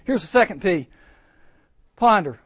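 A man preaching a storytelling sermon at a teen camp chapel, animated and acting out the voices he quotes. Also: high-pitched, a little slow, no echo.

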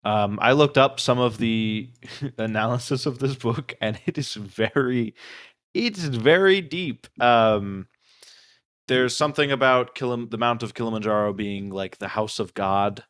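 A man's voice: mid-range voice, unhurried, a bit bright, clean tone, dry recording, clean studio sound. A man co-hosting a casual book discussion podcast, musing hesitantly with many fillers. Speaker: podcast co-host.

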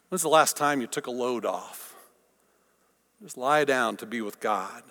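Man preaching with wide loud-to-whisper swings. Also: medium pitch, unhurried, long pauses. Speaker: pastor. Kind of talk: sermon. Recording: long reverb of a large hall.

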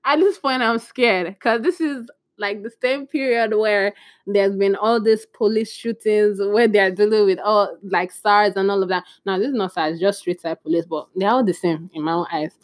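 A woman's voice: mid-range voice, moderate pace, no room sound. Young podcast host from Nigeria, a woman, chatty storyteller who acts out voices, recorded dry and close. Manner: animated, acts out quoted voices. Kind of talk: casual storytelling.

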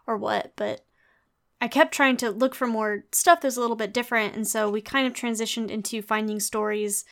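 A chatty young woman with a slightly high voice co-hosts a casual talk show. She reads posts aloud and drifts into easygoing chatter full of "like". Her delivery is laid-back and conversational. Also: a bit bright. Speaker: podcast co-host. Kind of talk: casual chat, reading forum posts aloud.

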